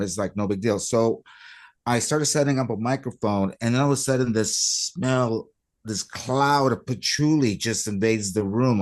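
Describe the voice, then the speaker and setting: A middle-aged man, an audio engineer, telling a lively anecdote and acting out the voices of the people in it. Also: on the low side. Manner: animated, acts out quoted voices. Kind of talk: storytelling anecdote.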